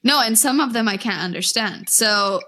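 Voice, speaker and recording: Bright-voiced American woman podcast host. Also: fairly high pitch, normal speed. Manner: chatty, laughs often, loses her thread. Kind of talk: casual news chat.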